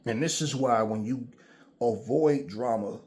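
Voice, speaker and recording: A man's voice: mid-range voice, unhurried, darkish tone. Man, channel host, casual ranting monologue, blunt, cussing, preachy, mid-range voice. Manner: blunt, profane, preachy storytelling.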